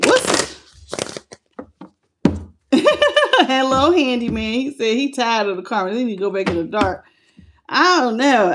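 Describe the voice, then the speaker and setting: A woman's voice: on the high side, background noise. A woman, chatting casually while doing a live-stream tarot reading and greeting viewers by name. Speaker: tarot reader.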